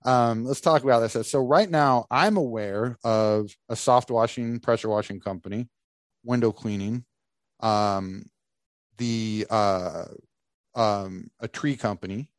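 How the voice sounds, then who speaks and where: A man hosting a casual podcast, telling a story with lively acted-out quotes. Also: lowish voice, takes it slowly, dry recording, clean studio sound. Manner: animated storyteller acting out quotes. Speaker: podcast host.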